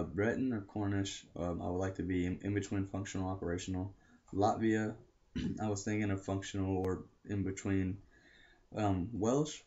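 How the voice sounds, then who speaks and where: A young American man with a low voice rambles casually to camera and keeps correcting himself with lots of fillers. The sound is dull and lo-fi, like a basic home recording. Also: a little mellow. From United States. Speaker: language learning vlogger.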